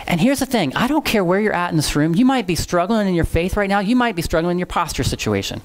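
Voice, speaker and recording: Animated storytelling male pastor. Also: fast, hardly any pauses. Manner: animated storyteller, acting out dialogue in voices; drops low and earnest when preaching. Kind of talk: sermon with storytelling.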